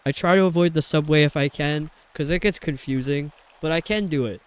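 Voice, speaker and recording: A man's voice: fairly high pitch, a little fast, smooth. Chatty man with a faint New York accent. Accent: faint New York metropolitan. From New York City metropolitan area. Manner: chatty and rambling, laughs often. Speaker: streamer. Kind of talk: casual chat while playing a video game.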